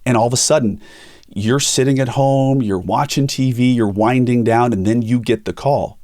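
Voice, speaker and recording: A man's voice: medium pitch, moderate pace, dry recording, studio quality. A middle-aged man, a pastor hosting a podcast, telling personal stories in candid conversation and acting out the people he quotes. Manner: animated storytelling, acts out quoted voices.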